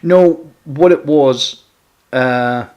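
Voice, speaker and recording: A man's voice: mid-range voice, very slow, lo-fi sound. A man chatting casually with viewers by name while live-streaming a game, talking loosely with many restarts into a home desk mic. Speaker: gaming livestreamer. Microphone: external USB mic at home gaming setup.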